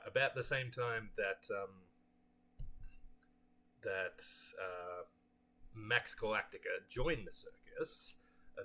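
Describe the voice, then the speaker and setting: A man's voice: fairly low pitch, bright, forceful tone. A man hosting a casual let's play, musing hesitantly with many fillers. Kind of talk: casual game commentary.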